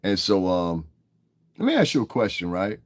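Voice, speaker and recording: In a deep, very animated voice at a moderate pace, a male streamer confronts his audience. He talks directly to chat in a fiery, foul-mouthed rant.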